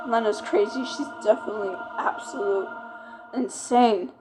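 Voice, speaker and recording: A woman's voice: medium pitch, a little slow, over loud music. A woman reading a story game aloud and reacting expressively, often saying "bro". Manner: expressive, exclamations, says "bro". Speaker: game player.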